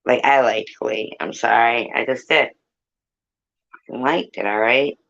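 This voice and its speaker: Slow rambly woman on a livestream, gravelly voice, cusses a lot, muffled lo-fi sound. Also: very deep voice, fairly bright tone. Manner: rambling, swears a lot, sings snatches. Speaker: live-stream host chatting with viewers. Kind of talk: casual chat.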